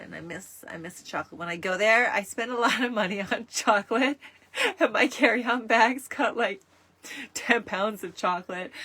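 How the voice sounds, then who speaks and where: A woman's voice: on the low side, gravelly, pushed and bright, slightly rough. Chatty woman hosting a talk show. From Canada. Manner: chatty, rambling, with frequent fillers. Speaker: host. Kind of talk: casual talk show monologue.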